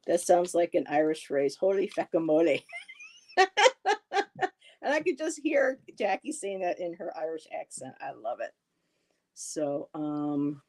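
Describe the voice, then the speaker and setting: A woman's voice: low voice, darkish tone. A woman hosting a live stream, chatting casually as she gives card readings and answers her chat. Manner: chatty, reassuring, reads chat comments aloud, laughs often. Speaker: tarot reader and live-stream host.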